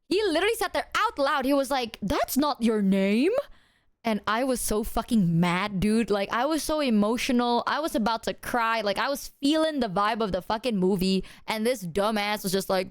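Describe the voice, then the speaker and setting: A woman livestreamer chats with her viewers in an animated, swear-heavy storytelling style. Her voice sits a little higher than most women's. The sound is dry and close, with no room echo. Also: fairly quick. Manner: animated, profane storytelling, talks to chat. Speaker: streamer. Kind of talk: casual livestream chat.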